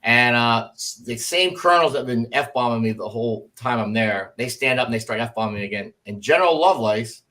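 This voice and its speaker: This middle-aged ex-Army officer talks briskly in a mid-range voice, hardly pausing at all. As a guest on a casual podcast, he tells animated stories and impersonates the people he quotes.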